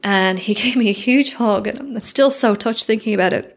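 A woman's voice: medium pitch, normal speed. A woman hosting a solo podcast, speaking candidly and effusively and swearing casually. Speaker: podcast host.

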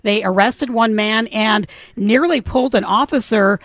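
A woman reporting live from a protest in a measured, urgent news delivery. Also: a little high, no room sound. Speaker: field reporter.

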